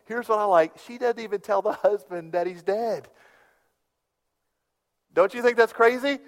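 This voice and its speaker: A middle-aged man preaching a sermon as a pastor, telling stories with big swings from hushed to loud. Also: sits high, normal speed. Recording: long hall reverb.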